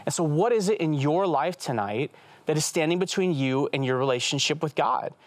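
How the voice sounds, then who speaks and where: A man in his thirties, an evangelist guest telling an animated story in an earnest, fast way on a talk show. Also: fairly high pitch, dry recording. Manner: earnest, fast, says "right?" often.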